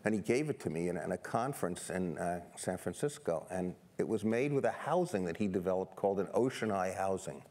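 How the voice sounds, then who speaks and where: An older man from New York City, telling stories on stage as a guest photographer, animated and self-deprecating, often restarting his sentences. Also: low voice, fairly quick, few pauses. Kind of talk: humorous stage conversation. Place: seminar stage before an audience.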